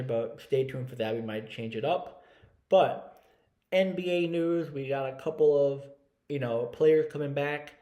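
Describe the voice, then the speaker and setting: A man with a slightly raised voice runs a loose sports chat, leaning on fillers and pausing to look things up as he talks. The sound comes from an echoey room. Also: on the high side, warm tone, lo-fi sound. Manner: rambling, many "uh" fillers, checks stats live. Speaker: sports podcast co-host. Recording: roomy echo.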